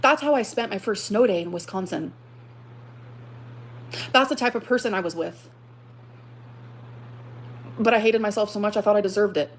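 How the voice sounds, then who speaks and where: In a livestream vent, a woman tells of being hurt, swearing often and using exaggerated dramatic repetition for effect. Profane and aggrieved, she rises to outbursts, speaking at normal speed with long pauses in a medium-pitched voice. A little hiss or hum is audible.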